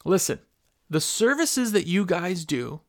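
A man's voice: high voice, very animated, a little slow. A man hosting a podcast, talking casually and rambling as he gives business advice and acts out customer calls at his microphone. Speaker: podcast host for window cleaners. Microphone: microphone at a computer.

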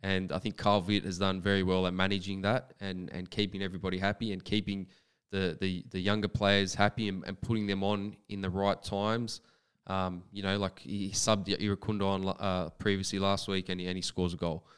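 A man co-hosts sports talk radio as a football pundit, with a very resonant, smooth voice that sits a little low. He gives measured analysis, thinking aloud with "um" fillers and restarts. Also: level tone.

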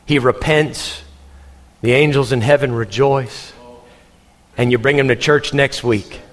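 A man from Texas, preaching a sermon in an animated storytelling manner and laughing as he goes. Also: mid-range voice, a little slow, long reverb tail. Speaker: pastor.

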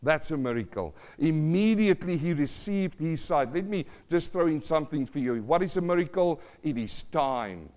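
A male pastor preaching a sermon, swinging from loud cries to hushed asides and asking the congregation questions. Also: on the high side, expressive, moderate pace, hardly any pauses. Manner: repeats phrases, asks the congregation questions.

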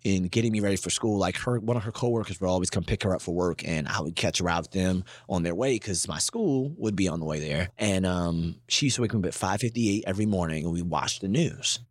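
Lowish-voiced man telling animated stories. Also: quick pace, few pauses, dry recording, studio quality. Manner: animated, acts out quotes in high voices. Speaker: journalist, interview guest. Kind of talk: casual storytelling in an interview.

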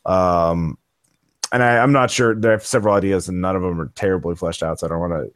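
A man's voice: deep voice, fairly even intonation, quick pace, no echo, studio quality. A man chatting casually as a podcast guest, rambling with many restarts and fillers. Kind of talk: casual chat.

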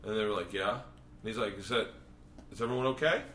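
A man's voice: on the low side, quick pace, fairly bright tone, reverberant, a little hiss or hum. A man telling a long, profane story casually in a hotel room, laughing often and acting out the people he quotes. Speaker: podcast host and comedian.

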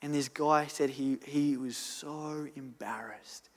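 A man preaching a sermon, earnestly telling a story and swinging from loud to hushed. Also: medium pitch, steady tone, slow pace. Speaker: pastor. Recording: long church hall reverb.

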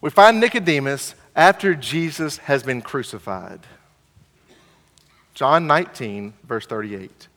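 A man's voice: medium pitch, lively intonation, a little slow, fairly bright tone, big-room sound. A man preaching a sermon, earnest and repeating his phrases, reading scripture and acting out the people in it. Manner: earnest, repeats phrases, voices the Pharisees mockingly.

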